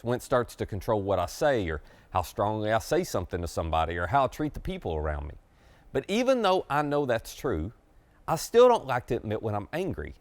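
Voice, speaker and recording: A man's voice: mid-range voice, dry recording. A middle-aged man preaching a conversational sermon to camera as pastor, confiding and emphatic.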